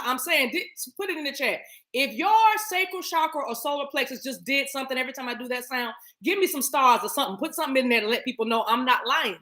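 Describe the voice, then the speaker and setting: A woman doing a spiritual reading on a live stream, talking to her viewers in a lively, playful way and breaking into tongues and snatches of song. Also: high voice, fairly quick, reverberant. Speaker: spiritual reader.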